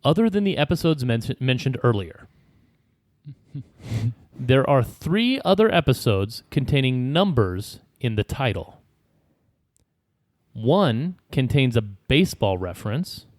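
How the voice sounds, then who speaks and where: A man's voice: mid-range voice, very animated, slow, pauses often, darkish tone, no room sound, clean studio sound. A man hosting a trivia game on a podcast, reading clues aloud and laughing often. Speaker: quiz host.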